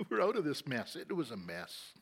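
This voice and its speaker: A middle-aged man telling his story in a sermon, acting out conversations and often dropping to a soft, low voice. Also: huge pitch swings, a little slow, gravelly, slightly rough. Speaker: church leader giving testimony. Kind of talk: sermon testimony.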